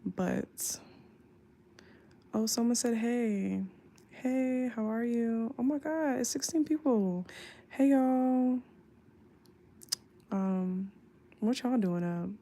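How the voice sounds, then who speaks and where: Tired, slow-talking young woman with a gravelly voice. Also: on the high side, dark tone. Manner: slow, tired, drawling talk with lots of fillers. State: sleepy and in back pain. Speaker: flight attendant livestreamer. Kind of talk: late-night phone livestream chat. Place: home at night. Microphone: phone mic, off screen.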